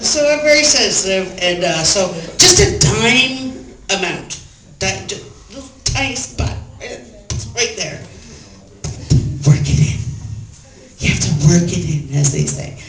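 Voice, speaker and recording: A tipsy woman doing a rambling, bawdy stand-up routine on a pub stage, often laughing at her own jokes. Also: mid-range voice. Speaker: stand-up comedian. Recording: echoey pub, distant camera, noisy.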